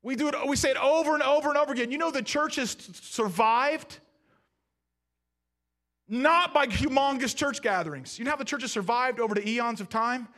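A man's voice: extremely high pitch, moderate pace, bright, forceful tone. A man preaching a sermon as pastor, talking conversationally and asking the congregation questions.

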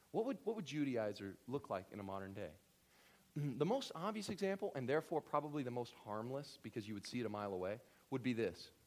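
A man preaching a sermon in a casual, conversational way, acting out the voices he quotes. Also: medium pitch. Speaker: pastor.

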